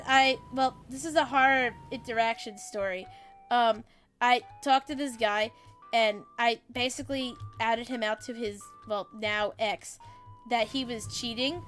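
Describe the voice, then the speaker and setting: A woman streamer chatting casually on a live stream, energetic, swearing freely and giggling. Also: a little high, measured pace, soft background music.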